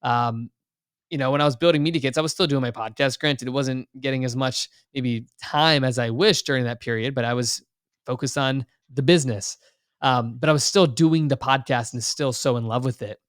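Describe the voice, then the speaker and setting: A man's voice: medium pitch, normal speed, smooth, no echo. A young man in his twenties talks with eager energy as a podcast guest. He rambles in long sentences full of "like" and "you know". The recording is dry and close. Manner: enthusiastic, long-winded, heavy on "like" and "you know". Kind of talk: casual interview talk.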